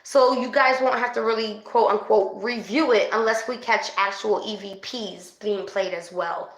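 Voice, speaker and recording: A woman doing a casual livestream spirit session as a psychic reader, chatty and excitable, calling her viewers babes. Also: medium pitch, moderate pace. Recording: echoey room.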